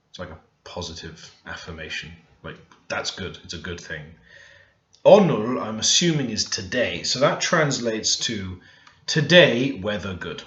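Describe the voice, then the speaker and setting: Slow-talking man with a low voice. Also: big pitch swings, fairly bright tone. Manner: unhurried, thinking aloud while typing. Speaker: language learner teaching Korean. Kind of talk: screen-recorded tutorial. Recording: roomy, dull lo-fi sound. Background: keyboard typing and clicks.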